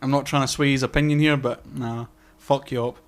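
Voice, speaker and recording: A man's voice: mid-range voice, fairly even intonation, moderate pace. A man chatting on a podcast, cursing freely as he tells a story. He acts out both sides of every argument in his own voice, with plenty of restarts and filler words. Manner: swearing storyteller, acts out quoted exchanges. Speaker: podcast co-host. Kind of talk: casual podcast chat.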